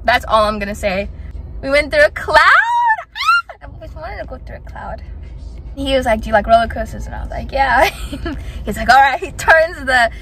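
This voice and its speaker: A woman in her twenties, hoarse from screaming, chatting excitedly in a casual vlog and laughing between thoughts. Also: sits high, fairly quick, noisy background. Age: 20s. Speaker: vlogger.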